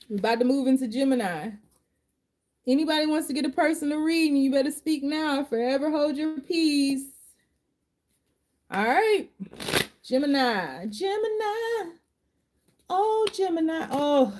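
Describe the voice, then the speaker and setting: A woman's voice: high voice, darkish tone, a little hiss or hum. A woman giving a live tarot reading, emotional and emphatic, chatting with viewers. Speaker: tarot reader and life coach.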